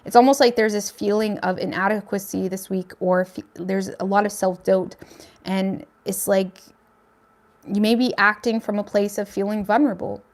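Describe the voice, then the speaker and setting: A woman's voice: medium pitch, steady tone, moderate pace. A woman hosting a casual tarot reading, talking straight to her viewers in a chatty way and often hedging with "I feel like.". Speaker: tarot reader.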